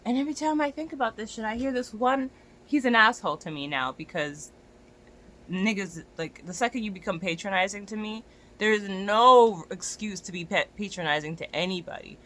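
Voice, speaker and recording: Exasperated young dog walker ranting, bright voice. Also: mid-range voice, brisk. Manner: exasperated, profane, rising to near-shouts. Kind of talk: ranting vlog to camera.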